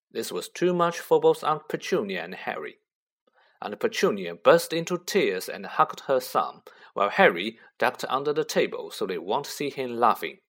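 Male storybook narrator, lively and expressive, mid-pitched voice. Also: normal speed. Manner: expressive, animated reading. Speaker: audiobook reader.

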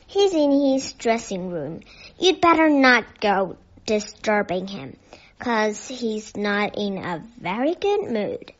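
A woman's voice: mid-range voice, very animated, slow. A woman voicing a busy male stagehand who speaks brusquely and offhandedly. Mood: offhand. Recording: echoey muffled lo-fi recording.

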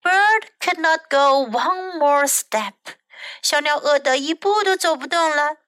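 A woman teacher whose first language is Mandarin, reading a children's story aloud slowly and expressively, line by line in English and Chinese. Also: high voice, no room sound. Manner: slow, expressive read-aloud, sentence by sentence.

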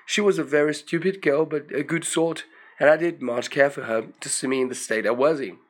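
A man's voice: on the high side, fairly quick. A man reading a first-person story aloud, in a plain storytelling manner with dry asides. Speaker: reader.

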